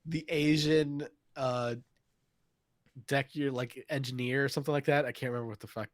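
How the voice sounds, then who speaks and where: A man's voice: medium pitch, steady tone, normal speed, dry recording, clean studio sound. A man co-hosting a casual podcast, rambling about funny movie scenes and swearing easily. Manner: laid-back, rambling, drops swear words. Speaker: podcast co-host. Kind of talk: casual chat.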